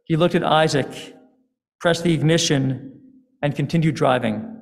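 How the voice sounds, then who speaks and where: A man, a rabbi, giving a sermon in a synagogue, telling a story in a deliberate, dramatic way. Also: a little high, gravelly. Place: synagogue sanctuary. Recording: long hall reverb.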